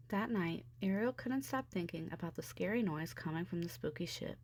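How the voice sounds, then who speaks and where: A woman narrating a children's storybook with an expressive, steady delivery. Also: on the low side, moderate pace, hardly any pauses. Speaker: storybook reader. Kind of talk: storybook read-aloud.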